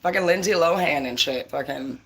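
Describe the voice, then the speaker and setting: Heard here is a medium-pitched voice, creaky and fairly bright, at an ordinary speed. It comes from a tarot reader ranting on a casual live stream, profane at every turn, heated, blunt, and confrontational.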